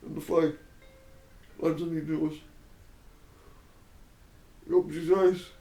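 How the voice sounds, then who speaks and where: Male storyteller, slow and repetitive, casual swearing, roomy echo with faint music behind. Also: on the high side, level tone, gravelly, dark tone. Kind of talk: rambling storytelling monologue.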